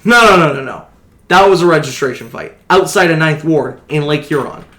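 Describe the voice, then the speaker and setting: A man's voice: on the high side, fairly quick, fairly bright tone, reverberant, close to an everyday voice. A man doing a back-slapping agency boss. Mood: chummy. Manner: back-slapping, rambling, folksy. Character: boisterous middle-aged male hero-agency boss.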